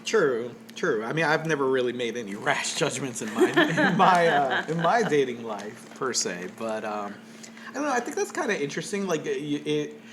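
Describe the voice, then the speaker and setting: A podcast co-host with a mid-range, sing-song voice chats casually at normal speed, rambling and joking with plenty of fillers and restarts. A crowd can be heard in the background.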